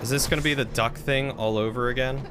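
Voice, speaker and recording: Male streamer, rambly and chatty, mid-pitched voice. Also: fairly even intonation, quick pace, over music. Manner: chatty, rambling, thinks aloud. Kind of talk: casual game commentary.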